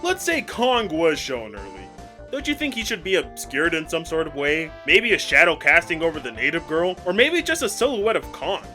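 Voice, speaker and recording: A man's voice: fairly high pitch, very animated, moderate pace, pushed and bright, faint music behind. A young man giving a sarcastic comedic film review, with exaggerated outbursts.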